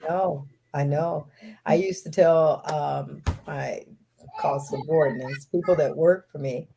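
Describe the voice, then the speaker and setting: A woman's voice: deep voice, steady tone, a little slow, gravelly, mellow, slight background noise. A middle-aged woman speaking emphatically in a casual group video chat, laughing readily. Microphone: video call.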